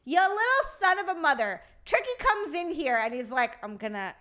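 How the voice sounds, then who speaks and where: A high, bouncy woman's voice that swings all over as she hosts a casual livestream chat. She is excitable and loose, swearing freely and laughing between the super chats she reads aloud. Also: normal speed. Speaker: streamer and podcast host.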